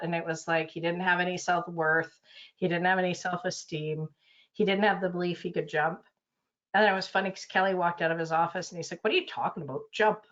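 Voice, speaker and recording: A woman's voice: on the low side, a bit bright. Chatty woman on a dull call line. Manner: chatty, loose, full of fillers, acts out quotes. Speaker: consultant and coach. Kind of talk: casual webinar talk. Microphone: video call.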